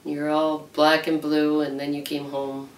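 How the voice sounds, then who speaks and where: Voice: mid-range voice, completely flat delivery, a little slow. A family member plainly recounting an accident from years ago in a documentary interview. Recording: roomy, distant mic, faint background noise.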